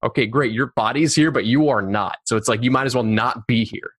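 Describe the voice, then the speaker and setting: A man's voice: mid-range voice, a little fast, a bit bright, breathy edge. A man hosting a podcast interview, asking reflective questions and affirming his guest. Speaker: podcast host, entrepreneur.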